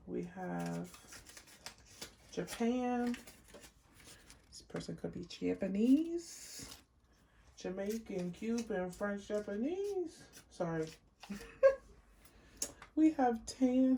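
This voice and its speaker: Slow, gravelly-voiced woman reading tarot. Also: medium pitch, mellow, a little hiss or hum. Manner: slow and chatty, listing card words one by one. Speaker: tarot reader. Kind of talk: casual pick-a-card tarot reading.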